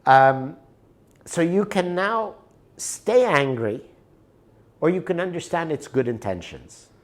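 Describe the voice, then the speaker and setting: A man presenting a workshop in a room, talking conversationally and checking in with his listeners. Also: fairly high pitch. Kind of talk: live workshop talk with an anecdote.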